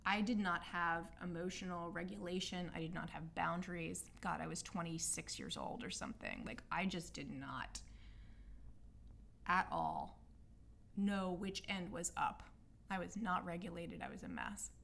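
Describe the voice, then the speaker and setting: A woman with a slightly low-pitched voice tells a personal story in an unscripted, confessional way. She speaks loosely and reflectively, with frequent filler words, and she is openly apologetic about her past. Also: animated, a little slow, vocal fry, fairly bright tone, slight background noise. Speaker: healing arts practitioner hosting a personal podcast. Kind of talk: candid personal storytelling monologue.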